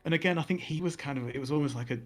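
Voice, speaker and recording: A man's voice: on the high side, racing. A young man co-hosting a podcast, telling a long, casual story full of fillers and mocking quoted voices. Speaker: podcast co-host.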